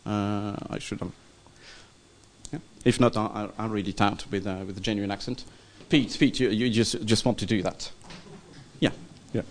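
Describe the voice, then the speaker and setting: A man teaching a church study class in a loose, informal lecture, pausing often with ums and asking "okay?" to check in with the group. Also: lowish voice, fairly even intonation, a little hiss or hum. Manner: hesitant, many ums and checking okays.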